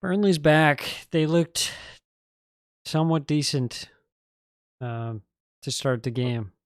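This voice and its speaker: A man's voice: mid-range voice, takes it slowly, clear, resonant tone, dry recording, studio quality. Man recapping football matches casually. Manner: relaxed recapping with fillers. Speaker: podcast co-host.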